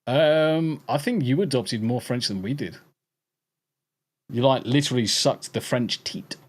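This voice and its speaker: A man's voice: mid-range voice, a little slow. Profane English man hosting a podcast. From England. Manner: profane, jokey banter. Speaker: podcast host. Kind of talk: casual chat with live viewers.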